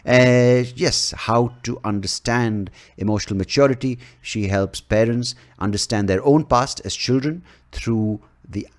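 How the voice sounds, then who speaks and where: A man's voice: medium pitch, unhurried, hardly any pauses. A man from India, hosting a podcast in a casual, rambling and profane way, often laughing at his own jokes. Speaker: podcast host.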